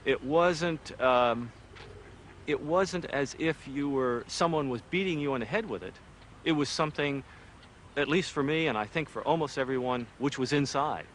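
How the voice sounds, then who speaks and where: Guy thinking it over out loud, bit halting, faint noise around. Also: medium pitch. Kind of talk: documentary interview.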